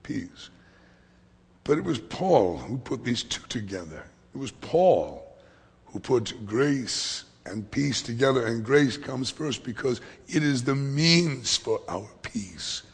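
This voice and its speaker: Gravelly husky preacher in a reverberant hall. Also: male voice, medium pitch, expressive, slow. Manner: dynamic preaching that swings from hushed whispers to loud emphatic lines. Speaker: pastor. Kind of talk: sermon.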